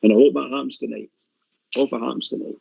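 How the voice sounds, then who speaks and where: A man's voice: mid-range voice, fairly even intonation, fast talker, vocal fry, dark tone, slight background noise. A man calling a radio phone-in, speaking emphatically and repeating his phrases for weight. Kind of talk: casual phone-in chat. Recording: dull dry line.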